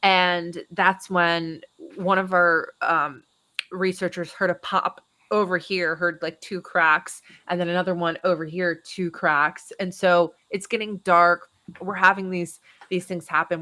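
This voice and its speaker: A woman guesting on a podcast, with a bright, clear tone set a little low. She speaks casually and chattily, pausing on um and like as she recounts her research. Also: steady tone. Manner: conversational, with frequent um and like. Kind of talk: casual interview.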